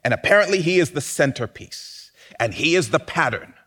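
Animated male preacher with a lively voice. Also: a little high, normal speed. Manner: animated preaching, rising to loud emphatic peaks. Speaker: pastor. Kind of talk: sermon.

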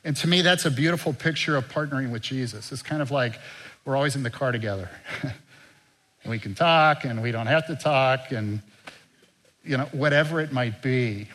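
A man's voice: medium pitch, normal speed. Older male pastor, conversational sermon. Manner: conversational, earnest, growing soft and quiet.

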